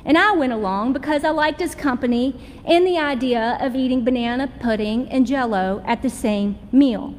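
A woman's voice: sits high, moderate pace, hardly any pauses, big-room sound, slight background noise. A middle-aged woman pastor with a Southern American accent, preaching a sermon in a folksy, humorous storytelling way. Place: church sanctuary.

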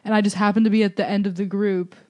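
A woman's voice: mid-range voice, level tone, fast talker, darkish tone. A woman co-hosting a podcast, chatting casually in an easygoing way and laughing often. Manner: easygoing, laughing, goes along. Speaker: podcast co-host. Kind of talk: casual chat.

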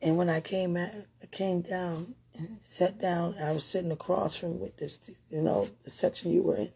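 A woman's voice: on the low side, fairly even intonation, normal speed, gravelly, warm tone, husky. A woman giving an emotional personal testimony, talking straight to her partner in a heartfelt, rambling way with prayerful asides.

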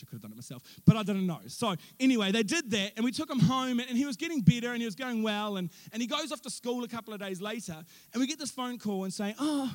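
Young male pastor, lively story-driven preaching, high-pitched, dry mic. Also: no echo. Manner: animated storytelling with self-mocking asides. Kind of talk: sermon.

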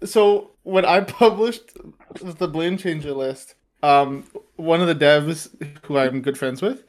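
A man from Canada co-hosting a podcast, talking in a rambling, animated way and swearing freely. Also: a little high, takes it slowly. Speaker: podcast co-host. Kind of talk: casual chat.

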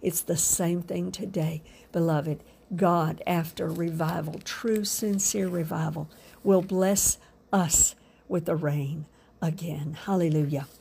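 A woman preaching a sermon with fervent emphasis, drawn-out phrases and soft asides. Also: fairly low pitch, fairly even intonation, vocal fry, slight background noise.

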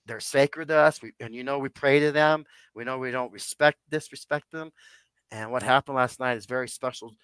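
A man's voice: medium pitch, normal speed, a bit bright, clean tone, no room sound. Rambling sixty-something man telling stories. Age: 60s. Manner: rambling, addresses listeners as "guys". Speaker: podcast guest. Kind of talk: personal storytelling.

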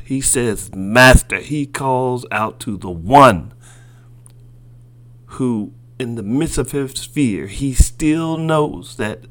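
A man preaching a sermon, slow and deliberate, building his points through repeated phrases. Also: medium pitch.

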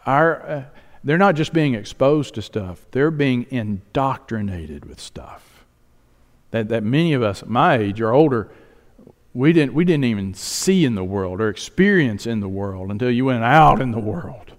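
A man preaching a sermon as pastor, earnest, swinging between hushed, serious passages and loud emphatic ones. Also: mid-range voice, expressive, a little slow, long reverb tail.

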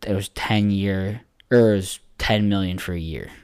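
A man's voice: low voice, moderate pace, darkish tone, smooth, no echo, studio quality. A man co-hosting a podcast, chatting casually about sports in a rambling, profane way full of filler words. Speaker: podcast co-host.

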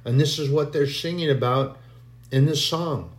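A man's voice: fairly high pitch, moderate pace. Man preaching in an echoey room. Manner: conversational, acts out quoted voices, repeats phrases. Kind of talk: informal sermon.

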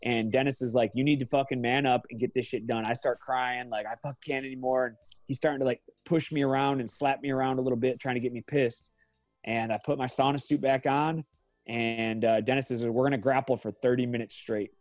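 A man in his thirties talks casually as a podcast guest, swearing freely and correcting his own numbers as he goes. His voice sits at a middle pitch. The sound is dry and close, with little room around it. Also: steady tone, fairly quick, a little mellow, dry recording, soft background music. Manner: profane, rambling, corrects himself often. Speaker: guest, MMA fighter.

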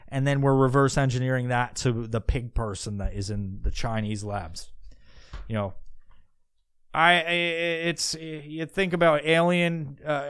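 A man's voice: mid-range voice, fairly bright tone, clean tone, dry recording, clean studio sound. A man hosting a podcast, rambling in a casual monologue, swearing often and restarting his sentences. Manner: rambling, profane, musing aloud with many restarts. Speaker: podcast host.

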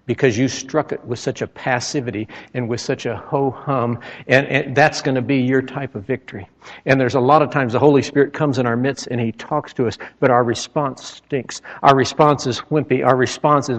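A man's voice: mid-range voice, fairly even intonation, moderate pace. A man preaching a sermon, telling stories with dramatic retellings and emphatic outbursts. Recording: echoey hall, dull lo-fi sound.

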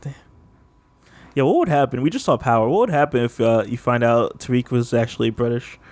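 A man talking casually on a podcast, looping through loose, rambling sentences full of filler words. His voice sits at an ordinary middle pitch. The recording is dry and close, with no room sound. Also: brisk, darkish tone, no room sound. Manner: rambling, heavy use of "like", laughs often. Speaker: podcast co-host. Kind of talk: casual chat.

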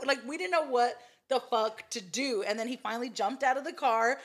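A young woman from Austin, Texas, telling stories in casual chat, animated, profane and laughing often. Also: sits high, fairly quick. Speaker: podcast guest. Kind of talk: casual storytelling.

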